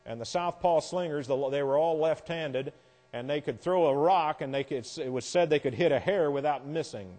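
A man's voice: fairly high pitch, a little mellow. A man teaching a Bible class lecture, explaining verses step by step with wry asides. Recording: long hall reverb.

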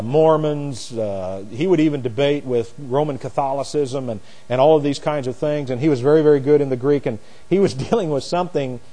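A man teaching a sermon verse by verse, booming on key phrases and dropping low for asides and stories. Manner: swings from loud emphatic preaching to quiet asides; explains Greek words, tells anecdotes. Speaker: preacher. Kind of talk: expository Bible teaching. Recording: long hall reverb.

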